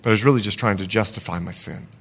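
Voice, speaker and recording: A male pastor preaching a sermon, swinging from loud urgency to hushed confession. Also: fairly low pitch, racing, breathy edge.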